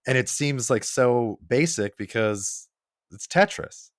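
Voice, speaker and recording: A man at medium pitch speaks slowly in a dry, studio-quality recording. Guesting on a podcast, he chats casually and tells stories like an animated storyteller, acting out the quoted lines.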